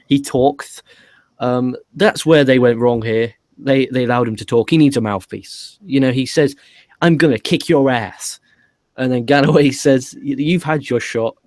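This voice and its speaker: A man's voice: medium pitch, a little mellow, no room sound. A man co-hosting a podcast, recapping a wrestling show in a dry, matter-of-fact way. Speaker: podcast co-host.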